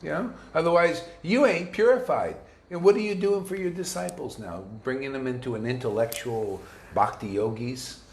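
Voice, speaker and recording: This spiritual teacher has a mid-range male voice and talks at normal speed, and the recording sounds roomy. He delivers an informal devotional sermon to his students, bluntly and combatively, full of slang and restarts.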